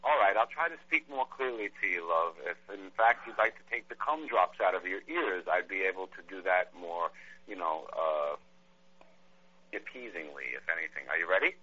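A man's voice: low voice, animated, normal speed, sharp tone, full character voice. A congested man playing a pushy American tourist in a prank phone call, rambling and mock-polite. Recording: tinny phone line.

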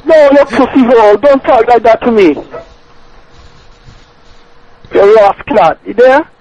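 A man's voice: very high-pitched, expressive, moderate pace. A man voicing a hot-tempered young Jamaican man who curses in heavy patois slang. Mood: taunting. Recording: dull noisy phone line.

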